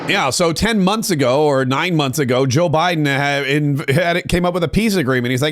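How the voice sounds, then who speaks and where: A man hosting a political commentary podcast, talking in a sarcastic, animated way and quoting others. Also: on the high side, brisk, hardly any pauses. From United States. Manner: sarcastic, animated, quotes others in put-on voices. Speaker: podcast host.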